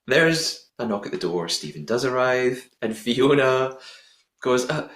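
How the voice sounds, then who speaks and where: A male podcast host talking through a TV episode in an easygoing, chatty way. His voice sits at an ordinary pitch. The room around him rings with echo. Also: lively intonation, measured pace, fairly bright tone. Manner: chatty, laughs at own attempted accent. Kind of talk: casual recap chat. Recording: echoey room.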